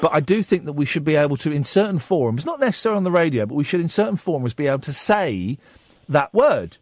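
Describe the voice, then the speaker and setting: A man's voice: on the high side, sing-song, fast talker, no echo, clean studio sound. A man in his forties hosting late-night talk radio, rambling wryly and mocking himself. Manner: wry, rambling, self-mocking. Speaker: radio talk show host. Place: radio studio.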